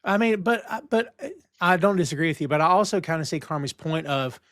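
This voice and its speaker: A man's voice: a little high, fast, no room sound, clean studio sound. A man co-hosting a podcast, chatting casually and eagerly retelling scenes from a TV show. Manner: animated retelling of scenes with frequent laughs. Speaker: podcast co-host. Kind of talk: casual chat.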